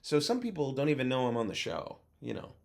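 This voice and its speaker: A man, a guest actor and voice-over coach, telling lively anecdotes in a casual interview over a video call. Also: mid-range voice, fast talker, creaky. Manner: animated anecdote teller who acts out other voices.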